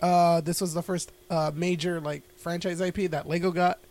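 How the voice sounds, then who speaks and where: A man's voice: fairly high pitch, little pitch movement, normal speed, a little mellow. A man co-hosting a podcast, chatting casually and rambling, swearing often and laughing a lot. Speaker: podcast co-host. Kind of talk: casual chat.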